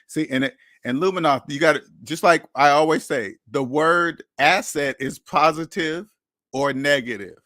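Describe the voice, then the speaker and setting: Man, live stream host, casual chat, fairly high voice, repeats himself, dry close sound. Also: normal speed, dry recording. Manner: animated, repeats himself, acts out quoted friends. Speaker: channel host answering chat.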